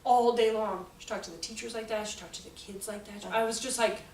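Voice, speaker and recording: A woman's voice: on the high side, fairly even intonation, brisk, darkish tone. Chatty woman presenter in an echoey room. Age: adult. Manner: storytelling, chatty, laughs often, acts out voices. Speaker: workshop presenter. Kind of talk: animated talk to a workshop. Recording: roomy echo, from a distance, faint room noise.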